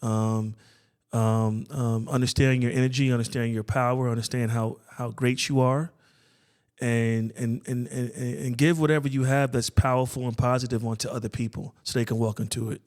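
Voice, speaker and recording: A man's voice: medium pitch, fairly even intonation, moderate pace, darkish tone. A man co-hosting a podcast in casual chat, rambling and playful, often repeating and restarting his words. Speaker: podcast co-host.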